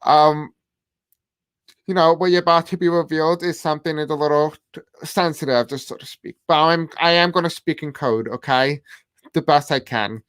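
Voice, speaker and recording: Smooth-voiced halting tarot reader. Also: medium pitch, a bit bright, no room sound. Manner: halting, repeats set phrases while reading cards. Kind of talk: casual tarot reading to camera.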